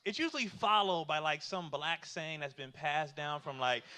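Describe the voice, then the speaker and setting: Male stand-up comic in his thirties: loose, chatty delivery with lots of fillers and rhetorical questions, high, very bright voice. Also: moderate pace, clear, resonant tone. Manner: loose and conversational with many fillers; asks the audience rhetorical questions. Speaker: stand-up comedian. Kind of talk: stand-up comedy.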